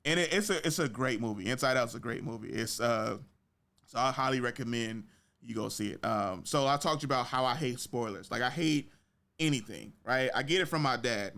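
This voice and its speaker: A man hosting a podcast, telling stories in casual chat, slangy and swearing, acting out quotes with big jumps in his voice. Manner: animated storytelling, acts out quotes with big pitch jumps. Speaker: podcast host.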